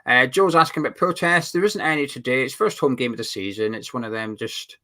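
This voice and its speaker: A man's voice: medium pitch, brisk, pushed and bright. A man co-hosting a casual football fan watch-along, rambling a little as he reads out viewer comments. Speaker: fan channel co-host.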